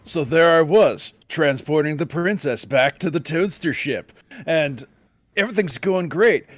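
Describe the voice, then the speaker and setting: A man's voice: on the high side, measured pace, dry recording. Laid-back man telling his turn. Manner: laid-back, first-person storytelling as his character. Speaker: player. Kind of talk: in-character tabletop narration.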